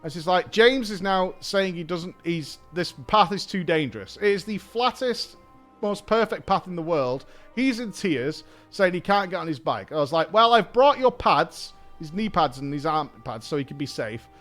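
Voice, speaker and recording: A man's voice: high-pitched, moderate pace. A man, a streamer host, telling a story in casual chat, swearing and imitating people he met. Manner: animated, swearing, mimics people in his story. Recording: faint music underneath.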